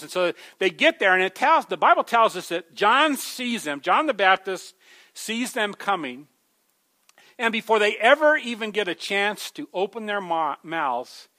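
Bright-voiced man preaching a sermon. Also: sits high. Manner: conversational preaching, frequent restarts, addresses listeners as folks. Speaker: pastor.

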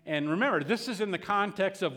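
Conversational preacher in a reverberant hall. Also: male voice, high voice, animated, a little fast, bright, forceful tone. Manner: conversational, with frequent restarts and repeated words. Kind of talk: sermon.

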